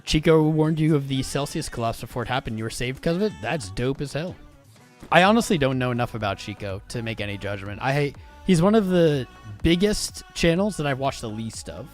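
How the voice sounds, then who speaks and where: A young man hosting a casual livestream, chatting with viewers in an excitable, informal way. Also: medium pitch, fairly quick, faint music behind. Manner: animated, swearing, informal and excitable. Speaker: crypto livestream host. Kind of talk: casual livestream chat reading viewer comments.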